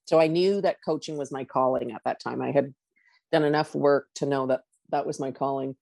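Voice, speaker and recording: A woman's voice: extremely low pitch, steady tone, fairly quick, vocal fry, darkish tone, no echo, clean studio sound. A middle-aged woman, a coach, telling a personal story candidly and acting out her own inner dialogue.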